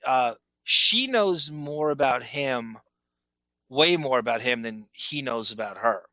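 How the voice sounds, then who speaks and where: A man's voice: mid-range voice, animated, slow, pushed and bright, dry recording, lo-fi sound. A man co-hosting a podcast, talking in long, emphatic run-on sentences. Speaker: podcast co-host. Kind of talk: casual chat.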